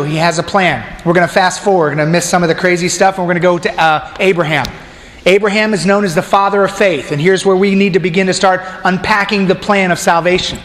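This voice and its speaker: A man's voice: high voice, a bit bright. A man preaching a sermon casually, joking with the congregation and talking to them directly. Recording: long hall reverb.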